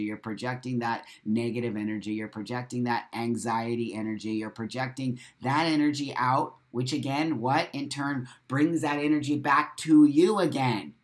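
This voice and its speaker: A man hosting a live stream show, reading out viewer comments and talking in an emphatic way, repeating phrases for stress. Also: medium pitch. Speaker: host of a live talk show.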